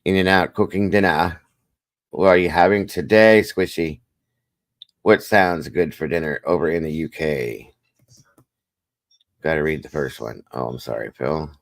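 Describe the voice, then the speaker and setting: A livestream host with a rumbling low voice speaks unhurriedly and pauses often, in a dry recording with no echo. Relaxed and rambling, he chats casually, reads the chat aloud, and greets and thanks viewers by name.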